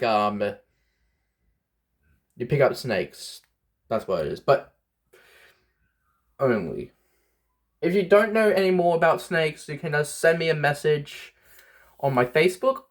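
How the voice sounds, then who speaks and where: A young Australian man showing his pet snake in a casual vlog, chatty and rambling, talking to his pets. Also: a little high. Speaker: pet vlogger.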